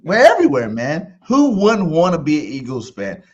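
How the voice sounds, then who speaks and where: A man hosting a sports talk podcast, excitable and hyping up the show. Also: a little high, moderate pace, dull audio. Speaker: podcast host. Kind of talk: casual sports chat.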